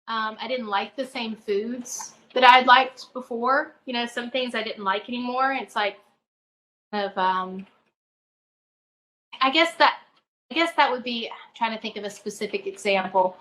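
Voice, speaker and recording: A middle-aged woman shares a deeply personal story as an interview guest, earnest and halting, often starting a phrase over. Her voice sits fairly high, with a bright, sharp edge. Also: rough recording. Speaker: guest, spiritual advisor.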